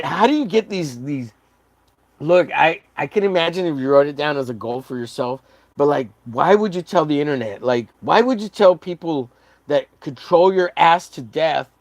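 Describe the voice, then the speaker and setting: Man streaming as an artist, rambling profane banter, slightly high voice, dry close mic. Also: dry recording. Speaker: artist streaming a drawing session. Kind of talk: casual livestream chat.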